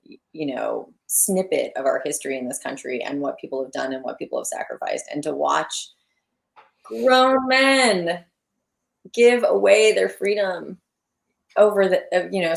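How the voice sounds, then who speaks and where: A woman's voice: deep voice, creaky. A woman from Florida, a podcast guest in casual chat, blunt and outspoken.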